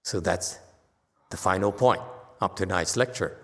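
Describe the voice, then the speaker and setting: A man giving an unhurried dharma lecture as a Buddhist teacher, often pausing to check in with his listeners. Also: low-pitched, gravelly, fairly bright tone. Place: temple hall. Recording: long hall reverb.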